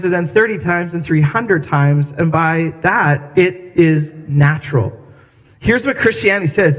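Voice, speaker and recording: Bright high-voiced male pastor preaching. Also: long reverb tail. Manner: conversational, acts out voices for humor. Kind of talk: sermon. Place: church sanctuary.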